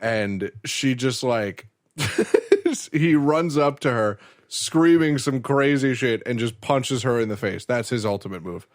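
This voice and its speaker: A young man co-hosting a podcast, retelling an anime episode in an animated, laughing, swearing way. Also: mid-range voice, slow pace. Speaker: podcast co-host. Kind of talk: casual anime recap chat.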